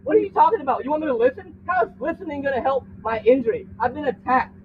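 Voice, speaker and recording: A man's voice: very high-pitched, expressive, quick pace. A man under arrest in the back of a vehicle, swearing and arguing indignantly, repeating himself. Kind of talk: heated confrontation. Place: inside a vehicle, in handcuffs. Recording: distant, phone-like recording with faint noise.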